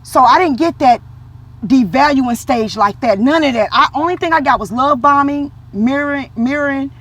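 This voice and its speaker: A female vlogger with a high voice and moderate pace tells a casual, personal faith story. Animated throughout, she performs the quotes in a lively voice within her religious talk.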